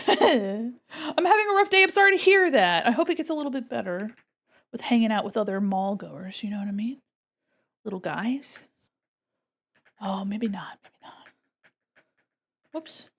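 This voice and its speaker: A woman's voice: on the high side, lively intonation, normal speed, pauses often, fairly bright tone. A woman streaming as she paints digital art, chatting casually with viewers in a bubbly, rambling way with frequent giggles. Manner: chats with viewers, thinks aloud. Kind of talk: casual live-stream chat while drawing.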